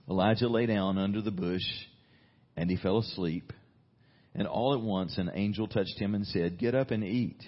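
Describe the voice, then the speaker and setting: A male pastor preaches a sermon in an earnest, conversational way, reading scripture and pressing his points with emphatic rises. His voice is low and husky, heard through a dull, lo-fi recording.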